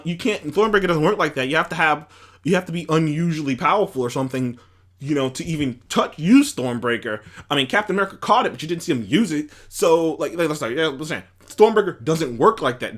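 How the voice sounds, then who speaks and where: A man delivers casual commentary in a rambling, animated way, full of restarts and fillers. His voice sits fairly high and swings widely in pitch. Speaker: commentary host.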